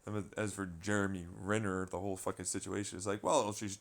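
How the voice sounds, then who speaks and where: A man's voice: low voice, level tone, brisk, creaky. A man vlogging a rambling, profane, exasperated commentary rant.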